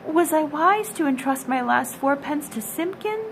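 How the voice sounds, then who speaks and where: A woman's voice: high voice, animated, normal speed, gravelly, slight background noise, voice pushed up. A woman voicing a poor old male tailor in a storybook reading, mumbling and lamenting anxiously. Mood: worried.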